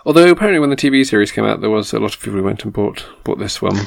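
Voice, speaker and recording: A man's voice: on the low side, animated, very fast, creaky. A man from England discussing a novel in casual chat, wry and self-deprecating, laughing often.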